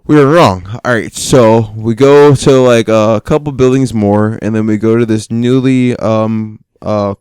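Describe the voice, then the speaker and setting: A young man tells a story on a casual podcast, keeping the tone animated and breaking into laughter now and then. His voice is smooth and resonant, and the room sounds dry and close. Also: on the low side, a little slow, hardly any pauses, no echo. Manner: animated, laughing often, acting out quoted lines. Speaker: podcast co-host.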